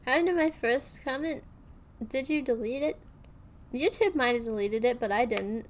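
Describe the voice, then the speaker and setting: A woman's voice: high-pitched, normal speed, a little hiss or hum. A young woman streaming, chatting casually and rambling with lots of fillers and restarts.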